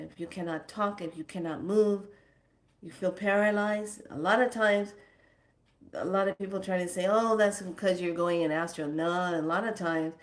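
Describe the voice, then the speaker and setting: Slow, low-voiced woman teaching spiritual practice. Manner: slow, emphatic, colloquial; chants words drawn out.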